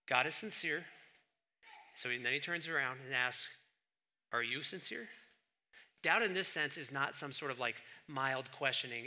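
A middle-aged man preaching a sermon, swinging between loud emphatic bursts and quiet asides. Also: mid-range voice. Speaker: pastor.

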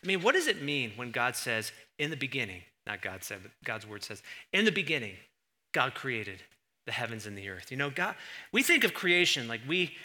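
A man preaching a sermon as pastor in a church, acting out voices with sudden loud jumps. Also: sits high. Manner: animated, acts out God's voice with sudden loud jumps.

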